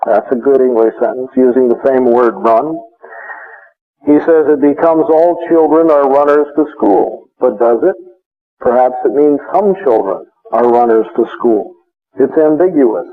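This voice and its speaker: A man's voice: medium pitch, expressive. Man lecturing on logic, tinny lo-fi sound. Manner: measured, explanatory, frequent uh fillers. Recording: tinny phone-like recording.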